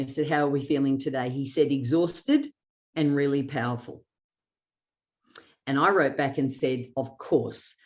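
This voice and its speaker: A woman's voice: low-pitched, a little mellow. A middle-aged woman presenting a workshop, telling stories with acted-out quotes and laughing often. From Australia. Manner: storytelling with acted quotes and sarcasm. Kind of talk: motivational workshop talk.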